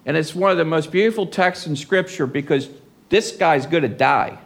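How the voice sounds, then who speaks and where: High-voiced man preaching with passion. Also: normal speed, vocal fry. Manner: impassioned preaching, rising loud on quotations. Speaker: pastor. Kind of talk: sermon. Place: church service.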